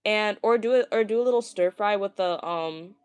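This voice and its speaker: A chatty woman vlogger talks casually to her viewers, stuttering and tripping over words, with lots of ums and restarts. Her voice sits at an ordinary middle pitch, and the sound is dry and close with no room echo. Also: normal speed, a little mellow, smooth. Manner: stumbling, stuttering, many fillers; chatty, gushing. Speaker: vlogger reading viewer comments. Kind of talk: casual livestream chat.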